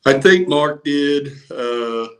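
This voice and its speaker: A man's voice: on the high side, lively intonation, slow pace, fairly bright tone. A man co-hosting a casual live stream, making short, dry, laid-back remarks. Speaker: co-host.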